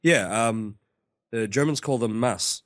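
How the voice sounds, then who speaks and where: A man's voice: mid-range voice, slow pace, a bit bright, no room sound, studio quality. A man co-hosting a casual podcast, telling stories in an easygoing, sweary way. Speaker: podcast co-host.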